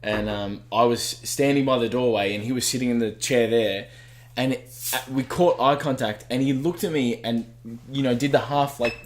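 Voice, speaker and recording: A man's voice: medium pitch, normal speed. A man in his twenties with an Australian accent, chatting in a dry, laid-back way and laughing easily on a podcast. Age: 20s. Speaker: podcast co-host. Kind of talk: casual chat.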